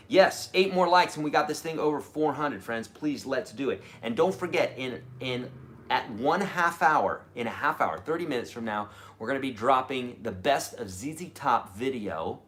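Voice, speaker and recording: Middle-aged man, medium pitch, guitar teacher on a live stream. Animated and chatty, keeps checking in with "okay?". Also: fairly quick. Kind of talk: live-streamed lesson with viewer Q&A.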